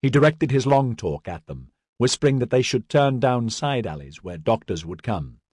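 Male audiobook narrator, husky, dry close-mic read. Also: medium pitch, very animated, moderate pace, a little mellow, no echo. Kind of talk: scripted narration.

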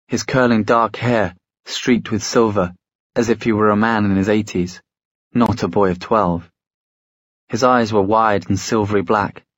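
A man narrating a story in a measured, storytelling way. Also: fairly low pitch, no room sound. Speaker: audiobook narrator. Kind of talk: scripted narration.

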